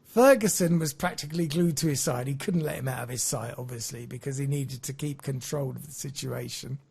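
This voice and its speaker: A man's voice: medium pitch, fairly quick, vocal fry, darkish tone, slightly rough. A man hosting a podcast, telling a story in a chatty way and laughing at his own jokes.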